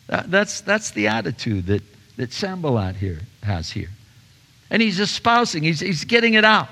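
A man preaching a sermon in a church, animated and often restarting his phrases. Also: a little high, moderate pace, in a large hall. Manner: animated, repeats words and restarts. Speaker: pastor.

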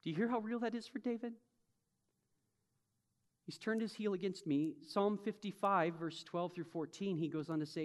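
A man preaching a sermon as pastor, emphatic, swinging from soft reflection to loud, urgent bursts and acting out imagined speakers. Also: high-pitched, moderate pace, pauses often. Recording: long hall reverb.

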